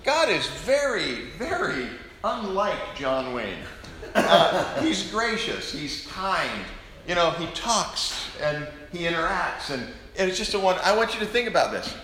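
A male pastor preaching an animated, joking sermon to his congregation in a church. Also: high voice, a little slow, a little hiss or hum. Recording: echoey room.

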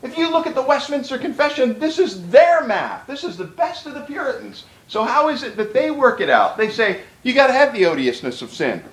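A man's voice: extremely high pitch, sing-song, a little fast, hardly any pauses, echoey room, poor audio. A man preaching a sermon to a room of pastors, emphatic and conversational, with repeated words for stress.

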